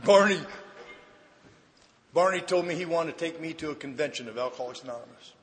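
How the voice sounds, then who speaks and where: An older man with a high, bright voice gives a testimony in a large convention hall. He swings from shouted punchlines down to low, hushed asides. The long reverb of the hall and a faint hum of ambience hang around him. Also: a little fast. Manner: animated storyteller, shouts punchlines then drops low and quiet. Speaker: recovery meeting speaker. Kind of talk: personal testimony talk.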